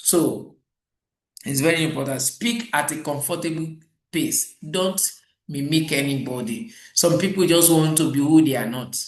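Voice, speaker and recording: Middle-aged man, trainer lecturing on customer service, animated, somewhat high voice, reverberant room. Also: normal speed. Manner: animated storytelling, acts out quoted exchanges.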